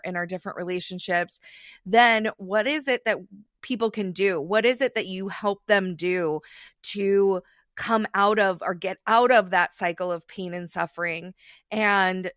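This is a woman hosting an interview podcast. Her voice is smooth and clear, dry and close to the mic, and she builds her question slowly while thinking it through. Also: mid-range voice, a bit bright, no echo. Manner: thoughtful, many restarts and fillers. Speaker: podcast host.

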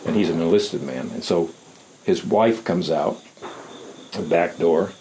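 An older man being interviewed, telling rambling, unhurried anecdotes and acting out the voices of people he quotes. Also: sits low, mellow, a little hiss or hum, poor audio. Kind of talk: casual anecdotal storytelling.

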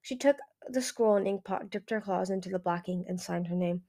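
A woman's voice: mid-range voice, steady tone, normal speed, hardly any pauses, dark tone. A woman reading a fantasy novel aloud in plain narration, now and then correcting herself. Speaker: audiobook reader.

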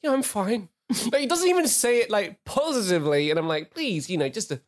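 A man's voice: high voice, sing-song, a little fast. A man on a studio podcast teasing a friend in casual banter, laughing as he talks. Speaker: podcast co-host.

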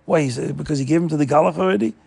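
A man voicing a helpful townsman who questions an injustice indignantly, with a very husky voice. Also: fairly high pitch, very fast, darkish tone.

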